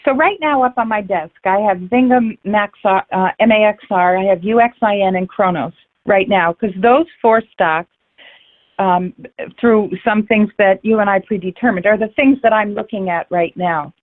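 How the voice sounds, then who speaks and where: A frank, passionate woman speaks candidly as an interview guest, swearing now and then and restarting sentences as she goes. Her pitch sits in a middle range. She comes through a thin, phone-like line. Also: normal speed.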